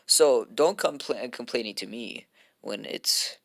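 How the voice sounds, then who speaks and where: A man's voice: medium pitch, measured pace, vocal fry, fairly bright tone, no room sound. A young man voicing a strict female teacher in a casual fan story, warning in a matter-of-fact way. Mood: stern.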